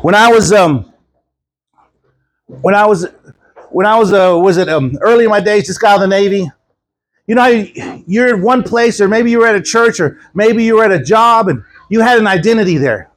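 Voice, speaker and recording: A man preaching a sermon at a church service, telling stories with animated quoted voices and chuckles. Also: sits high, normal speed. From Houston, Texas. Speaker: guest preacher.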